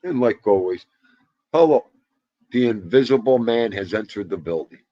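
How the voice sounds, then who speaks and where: A man's voice: fairly low pitch, fairly quick, mellow, dry recording. A man in his fifties hosting a casual livestream, greeting viewers one by one and joking around. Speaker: livestream host. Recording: dull lo-fi livestream audio.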